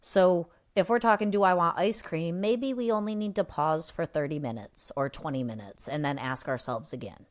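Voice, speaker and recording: A woman's voice: deep voice, normal speed, hardly any pauses, a little mellow. A woman co-hosting a recovery podcast, speaking casually and reflectively, explaining ideas through everyday examples. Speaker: podcast co-host.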